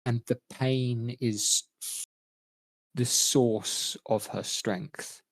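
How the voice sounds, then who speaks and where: A man narrating as game master of a tabletop game, measured and thoughtful, with frequent ums. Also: medium pitch, fairly even intonation, dry recording.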